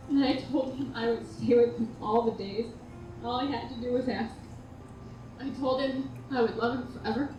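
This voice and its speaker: A woman's voice: on the high side, warm tone. A woman giving a heartfelt eulogy and toast for her late partner at a memorial gathering. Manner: heartfelt, tender storytelling. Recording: echoey room, distant mic, background noise.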